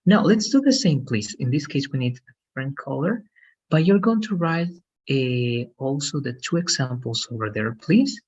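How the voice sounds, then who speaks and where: A man's voice: medium pitch, expressive, moderate pace, darkish tone, slightly rough, highs cut off. A man teaching English grammar one-on-one, explaining patiently and checking for understanding with frequent "okay?".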